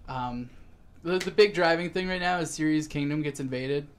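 A man's voice: a little high, slight background noise. Chatty man rambling through a recap. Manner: rambling, acts out characters in quick put-on voices. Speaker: podcast co-host. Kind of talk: casual chat recapping a show.

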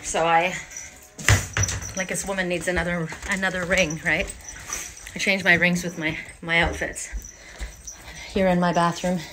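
A woman's voice: level tone, measured pace, long pauses, noisy background. A woman reading oracle cards, chatting casually and rambling at home, sometimes losing her train of thought. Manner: coos in a high baby voice to her pet. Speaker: oracle card reader. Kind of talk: casual chat to camera.

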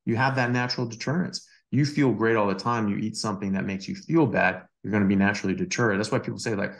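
Low gravelly man telling a story. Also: fast talker, hardly any pauses. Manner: animated anecdotes with many fillers and restarts. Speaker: doctor and podcast co-host. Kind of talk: casual conversational storytelling. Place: Australia.

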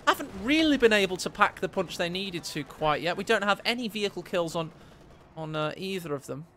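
Male caster, high-pitched, playful anecdotal delivery over faint noise. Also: lively intonation, pushed and bright. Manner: jokey, storytelling, quick to laugh. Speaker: game commentator. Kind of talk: video game commentary.

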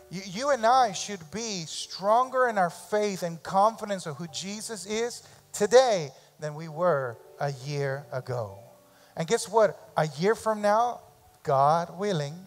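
A man preaching a sermon as pastor in a church, animated and repeating phrases for emphasis, sometimes acting out parents' voices. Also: on the high side, in a large hall. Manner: acts out parents' voices in quick asides. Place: church sanctuary.

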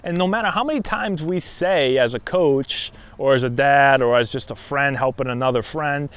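A man teaching baseball hitting in a casual talk to camera, often checking in with a quick "right?". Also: medium pitch, fairly bright tone. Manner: conversational, frequent "right?" check-ins.

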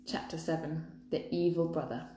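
A woman's voice: low-pitched, steady tone, moderate pace, warm tone, a little hiss or hum. A woman reading a children's book aloud, breaking off for chatty asides to viewers. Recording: echoey room, faint ambience.

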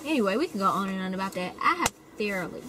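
A woman's voice: mid-range voice, expressive, rapid-fire, background noise. A woman with a Southern drawl, a guest comedian in casual chat, pushing back with playful indignation. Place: inside a van.

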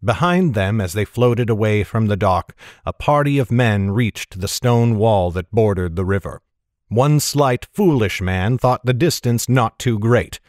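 A man's voice: lowish voice, dry recording, clean studio sound. Man narrating a fantasy story. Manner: steady, measured storytelling. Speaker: audiobook narrator.

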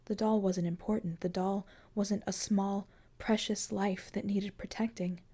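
A woman reading scripted fiction as an audiobook narrator, with calm, even storytelling. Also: medium pitch, measured pace, slightly rough.

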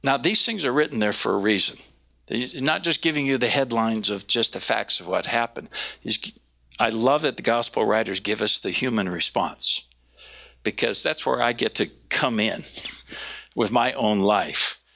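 A man preaching a sermon, animated, slowing down to stress key words and raising his voice when he quotes. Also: creaky. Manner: animated, quoting with raised pitch, slowing for emphasis. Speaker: pastor.

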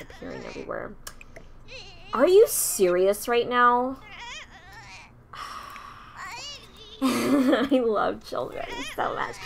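A woman's voice: a little high, sharp tone, slight background noise. A young woman casually commenting while playing a life-simulation game, chatting along and scolding her characters in exasperation. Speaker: gameplay streamer.

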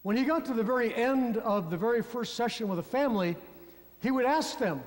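High-voiced male pastor in reverberant church. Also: expressive, fairly quick. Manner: storytelling, addressing the congregation directly. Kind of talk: sermon. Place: church sanctuary.

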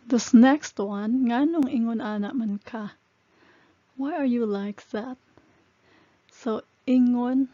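A woman's voice: a little high, dark tone, dry recording. A woman teaching a language lesson, explaining phrases step by step and repeating them. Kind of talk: slow, patient language lesson. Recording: dull lo-fi sound.

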